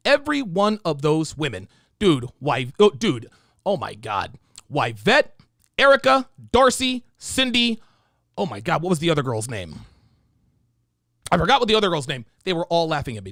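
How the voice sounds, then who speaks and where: Animated, gravelly-voiced male livestream host. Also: a little high, no echo, clean studio sound. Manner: animated, profane, storytelling. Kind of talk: reaction commentary and reading viewer donations.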